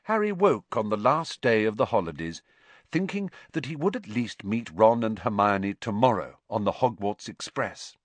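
Expressive male storybook narrator. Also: lowish voice, moderate pace, no room sound. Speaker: audiobook narrator. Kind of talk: scripted narration.

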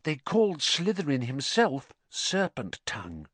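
Guy doing a stout solemn schoolboy wizard, higher than his own voice, gossipy and hushed, dry close sound. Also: huge pitch swings, moderate pace, no room sound, full character voice. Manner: solemn, conspiratorial, drops to a hush.

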